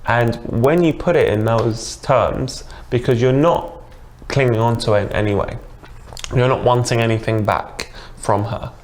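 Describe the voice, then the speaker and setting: A man's voice: medium pitch, moderate pace, darkish tone, slight background noise. A man with a British accent, a guest in a casual interview, chatty and enthusiastic, explaining with examples. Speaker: dating coach guest.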